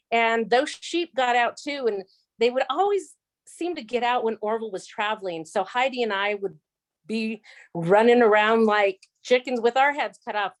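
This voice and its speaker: A woman guest on a video call, telling a lively personal story with acted-out quotes. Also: fairly high pitch. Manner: animated storyteller acting out quotes. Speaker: guest speaker.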